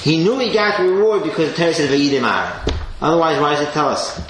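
A man teaching a Torah class with an animated delivery, swinging between loud emphasis and quiet asides and sprinkling in Hebrew and Yiddish terms. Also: on the high side, fast talker. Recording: echoey room with faint noise.

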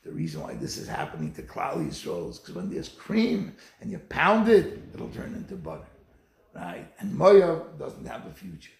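A man's voice: medium pitch, moderate pace, vocal fry, roomy sound. A man giving a sermon, telling stories and acting out the quotes. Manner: animated storytelling with acted quotes. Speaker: rabbi.

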